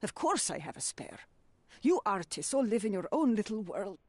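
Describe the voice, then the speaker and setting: A woman's voice: medium pitch, very animated, normal speed, breathy edge, no room sound. A woman voicing a prim, scolding old landlady in a video game. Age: older. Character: stern old landlady, nearly blind.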